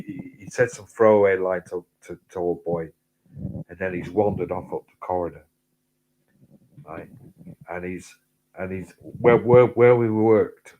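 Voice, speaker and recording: Sweary bloke telling stories. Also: male voice, lo-fi sound, slight background noise. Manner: sweary rambling anecdotes, gets loud and high when excited. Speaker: host. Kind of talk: casual storytelling chat.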